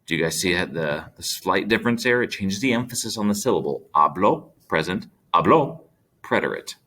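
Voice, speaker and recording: A man's voice: sits low, animated, fast talker, fairly bright tone. A man teaching Spanish grammar in a recorded lesson, explaining step by step and checking that students follow.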